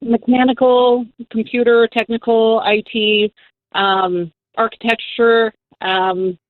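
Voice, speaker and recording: Excited woman on a tinny phone line. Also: a little high, takes it slowly, no echo. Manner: cheerful, excited. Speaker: radio caller. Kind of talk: call-in chat.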